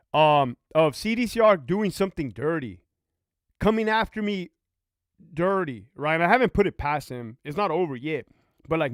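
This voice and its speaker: Male streamer, high lively voice, dry close sound, animated and profane. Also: clean tone, no echo. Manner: animated, profane, reads out viewer comments. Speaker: livestream host, former prison officer. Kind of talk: casual livestream chat.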